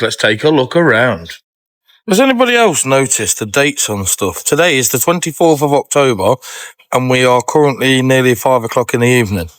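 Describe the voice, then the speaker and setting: A man walks a supermarket filming prices, sarcastic and indignant. His voice sits at a middle pitch with a close, dry sound. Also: fairly bright tone, no echo. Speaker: vlogger. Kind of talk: casual shopping vlog.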